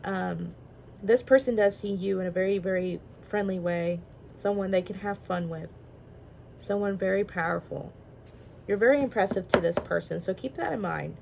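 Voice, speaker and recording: A woman's voice: medium pitch, normal speed, vocal fry, noisy background. Chatty woman giving a tarot reading. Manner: chatty, rambling, giggly, with many fillers. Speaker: tarot reader. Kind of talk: casual tarot reading monologue.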